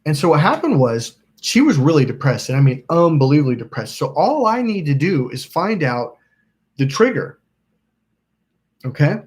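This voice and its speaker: Indoors beside a smoking candle, a man who hosts a self-help channel rambles casually through a story, acting out quotes and swearing occasionally. His voice sits on the high side with big pitch swings and a moderate pace.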